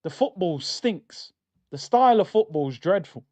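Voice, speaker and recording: A man's voice: high-pitched, lively intonation, normal speed, a little mellow. A young man hosting a live football watchalong, talking in slangy, exasperated banter about the match.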